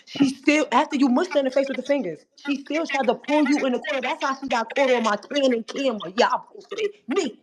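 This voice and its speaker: A woman's voice: high-pitched, a little hiss or hum. A woman telling a heated story in casual talk, blunt and profane, quoting others as she goes. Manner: blunt, profane, fast retelling with acted-out quotes. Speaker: guest on a live audio room.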